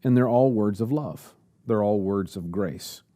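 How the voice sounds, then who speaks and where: A man's voice: fairly low pitch, a little slow, mellow. A man preaching a sermon at a church service, asking the congregation rhetorical questions.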